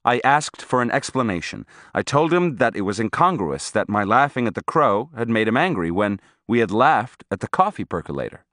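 A man's voice: medium pitch, sing-song, moderate pace, hardly any pauses, a bit bright, dry recording, studio quality. A man reading a first-person story aloud as an audiobook narrator, telling it expressively.

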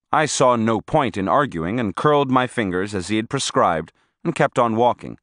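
Animated male audiobook narrator. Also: medium pitch, dry recording, clean studio sound. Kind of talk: scripted first-person narration.

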